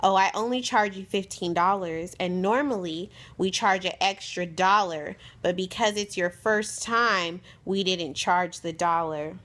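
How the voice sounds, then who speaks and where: A woman's voice: on the low side, measured pace, hardly any pauses. A young woman vlogger telling a frustrated story in a casual, exasperated way, acting out the other people's lines as she goes. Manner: exasperated, animated, retells exchanges in quoted voices.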